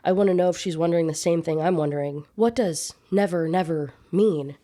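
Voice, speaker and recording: A young woman in a casual book-review rant, sarcastic and fed up, with frequent swearing. Her voice sits a little low, with a warm, mellow tone. She talks straight to the listener like a friend. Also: a little fast. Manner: sarcastic, exasperated, swears freely.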